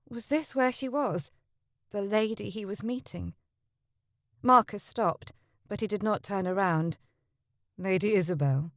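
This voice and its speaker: A woman's voice: medium pitch, no room sound, studio quality. Woman reading a romance audiobook. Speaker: audiobook narrator. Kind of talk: scripted romance audiobook narration.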